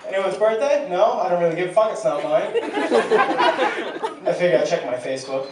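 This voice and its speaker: Rambling crude young comedian, echoey club. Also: male voice, high voice, expressive, a little fast, heavy background noise. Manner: crude, rambling, self-deprecating storytelling. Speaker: stand-up comedian. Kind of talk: stand-up comedy set. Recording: distant, very echoey club recording with loud crowd.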